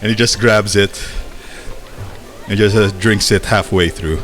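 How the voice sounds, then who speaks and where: A man narrating as game master of a tabletop game, relaxed and hesitant, with many fillers. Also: fairly low pitch, measured pace, a little hiss or hum.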